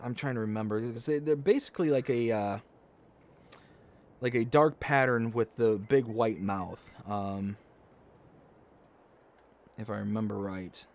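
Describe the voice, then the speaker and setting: A man's voice: fairly low pitch, fairly even intonation, measured pace, pauses often. A man hosting a live stream, casually telling an anecdote and reading chat comments aloud, acting out quoted lines.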